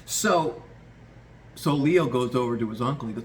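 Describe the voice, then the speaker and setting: A man's voice: mid-range voice, animated, moderate pace, long pauses, slight background noise. A man telling a true story in a loose, rambling way, swearing casually and restarting his sentences.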